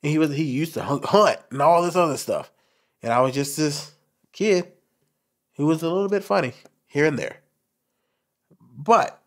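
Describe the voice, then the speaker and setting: A young man talks straight to camera about his own life, in a soft voice pitched a little higher than most men's. His intonation swings widely from line to line. He is candid and forward, and talks with his hands. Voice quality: light, soft voice he calls feminine. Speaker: commentary channel host. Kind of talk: personal monologue to camera.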